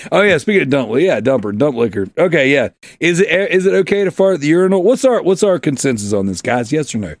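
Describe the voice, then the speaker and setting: A man's voice: a little high, sing-song, quick pace, hardly any pauses, dry recording, clean studio sound. A man hosting a casual gaming podcast, joking around, giggling often and reading out listener questions. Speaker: podcast host.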